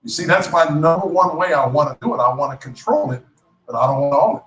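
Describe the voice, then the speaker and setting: A man's voice: a little high, fast. A man giving a joking, motivational talk to a live audience at a business event. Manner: lively, joking, self-described clown. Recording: echoey hall, voice from a distance.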